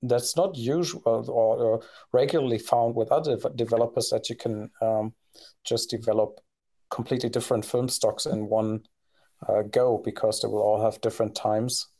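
A man's voice: medium pitch, fairly even intonation, normal speed, warm tone. A man co-hosting a podcast in casual conversation, talking hesitantly with many fillers and restarts. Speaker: podcast co-host.

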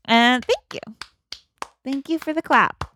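A podcast co-host with a high-sitting voice slowly and animatedly retells a movie on a comedy show, performing the characters' dialogue and leaning heavily on "like." A little hiss or hum can be heard.

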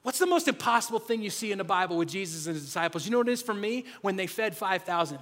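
A man preaching a sermon as pastor of a church, talking to the congregation in a lively, conversational way. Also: high-pitched, quick pace. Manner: energetic, conversational preaching, drops to a hushed voice near the end. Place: church sanctuary. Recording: long reverb of a large hall.

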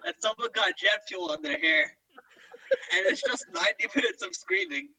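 Bright joking man spinning absurd bits. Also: sits high, huge pitch swings, normal speed, rough recording. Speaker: podcast guest. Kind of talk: casual podcast banter.

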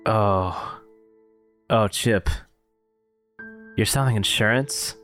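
A man's voice: lowish voice, very slow, a bit bright, soft background music. A man doing a put-on Australian mouse hustler. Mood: pleading. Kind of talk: improv comedy scene.

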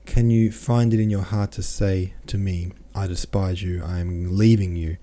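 A man's voice: deep voice, fairly even intonation, moderate pace, warm tone, lightly acted. A man voicing a desperate, theatrical husband in a novel, melodramatic and pleading.

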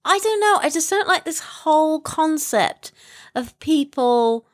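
A woman's voice: sits high, expressive, measured pace. A British woman co-hosting a podcast, chatting casually, hesitant with many ums and restarts, dry and wry. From Britain. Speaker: podcast co-host. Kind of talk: casual chat. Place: in Canada.

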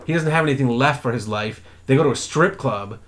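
A man in casual chat, recounting stories with lots of swearing and quick bursts of acted-out voices. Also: medium pitch. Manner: profane, animated storyteller who acts out characters.

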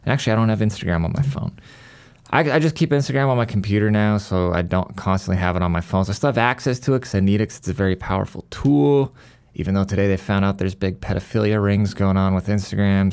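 A man's voice: fairly low pitch, gravelly, a little mellow, clean tone. A male podcast host in a worked-up, profane monologue, stumbling over restarts as he rants.

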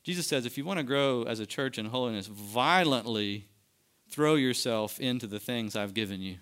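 A man's voice: medium pitch, brisk, clean tone. A man preaching a sermon to his church, building to emphatic peaks. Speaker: pastor. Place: church sanctuary.

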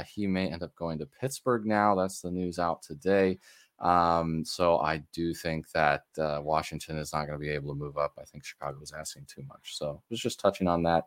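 Low-voiced man in casual podcast chat. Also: clear, resonant tone, no echo, studio quality. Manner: animated, exasperated ranting with laughs. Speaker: podcast co-host.

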